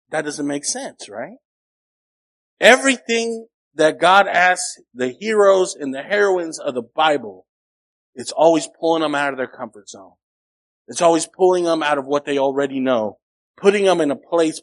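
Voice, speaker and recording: A man preaching a sermon as a pastor, telling a personal story in a conversational way, rising to emphatic peaks and dropping quiet. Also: fairly high pitch, expressive, moderate pace.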